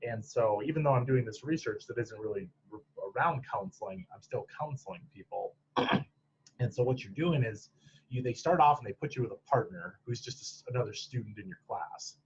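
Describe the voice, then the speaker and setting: A man's voice: medium pitch, fairly quick, dull audio, slight background noise. A man from Michigan's Upper Peninsula, a podcast guest talking casually about his clinical training, rambling with many restarts and laughs. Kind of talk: casual interview chat.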